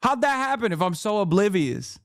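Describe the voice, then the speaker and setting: A man's voice: sits high, big pitch swings, a bit bright, no room sound, clean studio sound. Sarcastic American man ranting on stream. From United States. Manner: sarcastic, fast, profane ranting. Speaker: streamer, political commentator. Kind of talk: live stream political commentary.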